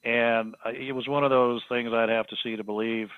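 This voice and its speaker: A man telling a story as a podcast guest, halting with frequent restarts and fillers. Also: mid-range voice, flat delivery, clear, resonant tone, no echo. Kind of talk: storytelling in casual conversation. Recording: tinny phone-line sound, dry.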